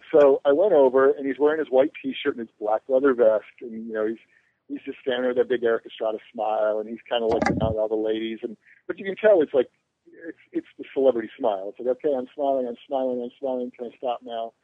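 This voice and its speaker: A man calling into a podcast tells a rambling, self-mocking story, his pitch leaping and dropping all over as he jokes along. The line is tinny and phone-like, and the sound is dry with no room around it. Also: dry recording. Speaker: podcast guest, convention organizer. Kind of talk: casual podcast chat.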